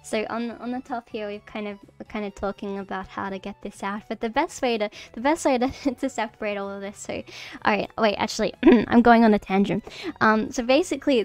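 A woman's voice: mid-range voice, darkish tone. A woman streamer giving a casual livestream lesson, nervous and giggly, rambling with many fillers and restarts. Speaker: streamer teaching mycology. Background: faint background music.

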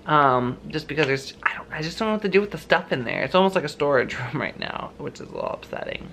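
A man's voice: fairly high pitch, lively intonation, fast, gravelly, sharp tone, a little hiss or hum. Chatty gushing male vlogger. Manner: rambling, chatty, gushing with lots of fillers. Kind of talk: casual vlog chat. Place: home, then a store.

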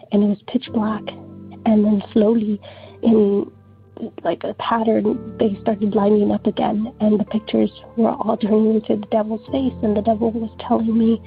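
A woman's voice: fairly high pitch, creaky. A woman calling in to tell a story in a rambling, casual way, filling her sentences with "like.". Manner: rambling, heavy use of "like". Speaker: caller. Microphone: telephone. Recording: phone line with faint music.

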